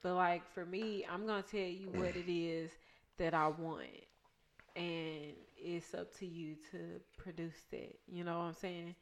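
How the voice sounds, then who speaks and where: A woman's voice: on the low side, level tone, a little slow. A woman in a casual chat, speaking frankly and directly and laughing easily.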